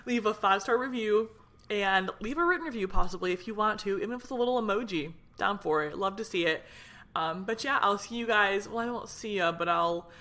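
A young woman hosting her own solo podcast vents in a fired-up, rambling way, packed with fillers. Her medium-pitched voice is bright, fairly quick, and forceful.

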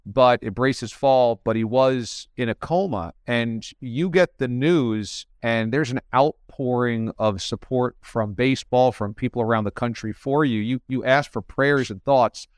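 A man's voice: medium pitch, a little slow, hardly any pauses, no echo, clean studio sound. A man interviewing a guest with long, earnest, wordy questions.

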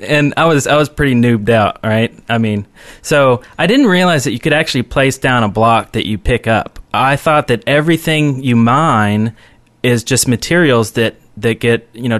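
A man's voice: mid-range voice, fairly bright tone, dry recording. A man co-hosting a casual podcast, laughing often and reading listener mail aloud. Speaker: podcast co-host. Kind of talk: casual chat.

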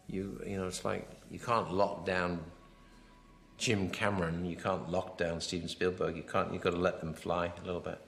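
A film director giving a rambling commentary, full of anecdotes, often quoting himself and others. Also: male voice, low voice, little pitch movement, moderate pace, creaky, a bit bright, a little hiss or hum.

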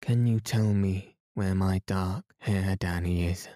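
A man's voice: deep voice, steady tone, takes it slowly, warm tone, dry recording, clean studio sound. A man doing a heartbroken, mumbling old man. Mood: wistful. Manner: mumbling, wistful.

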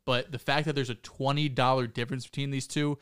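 Man with a smooth, clear voice. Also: medium pitch, little pitch movement, fairly bright tone, dry recording, clean studio sound. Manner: playful, teasing, quick to banter. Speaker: podcast co-host. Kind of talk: casual sports talk.

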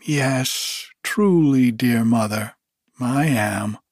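A man's voice: medium pitch, very slow, darkish tone, dry recording, clean studio sound. A man voicing a cunning, cheeky young male thief with a breezy manner.

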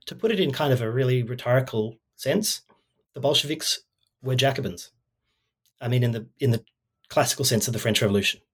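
Fast-talking husky man explaining theory. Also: medium pitch, lively intonation. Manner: discursive, many fillers like "you know" and "like". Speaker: author discussing his book. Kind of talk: casual academic explanation.

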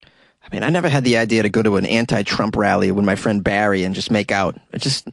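A man's voice: lowish voice, steady tone, fast, gravelly, dry recording. A man hosting a podcast in a casual, comedic commentary style, sarcastic and mock-enthusiastic, chuckling as he talks. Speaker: podcast host.

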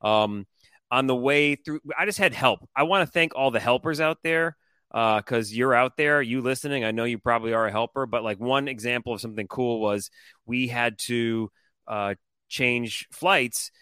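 A man telling a story on a podcast in a casual, animated, profane and rambling way. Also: mid-range voice, normal speed, clean tone, no room sound, clean studio sound. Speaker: co-host.

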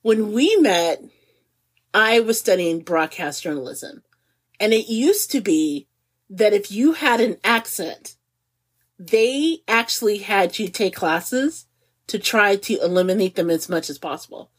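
A woman in her forties chats on a podcast with a slightly husky, breathy tone. Her pitch swings widely as she jokes. She laughs easily and speaks with no regional accent. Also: unhurried. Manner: animated and giggly, laughs often. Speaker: podcast co-host. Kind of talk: casual chat.

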